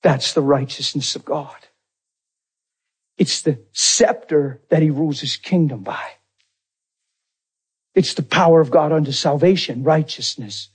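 A male preacher with a husky, slightly high voice delivers a sermon. He swings between loud, rising exclamations and quiet, low asides, pushing his points with force. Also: measured pace, long pauses.

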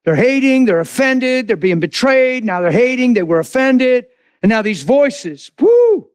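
A man preaching a sermon with great passion, swinging from loud outbursts to hushed, low lines. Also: lively intonation, normal speed, smooth, no room sound.

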